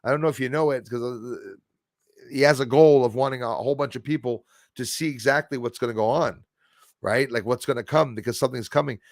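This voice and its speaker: A man's voice: mid-range voice, a little fast, no echo, clean studio sound. A man hosting a livestream, rambling animatedly through viewer comments with many restarts and a tagged-on "eh?". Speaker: livestream host.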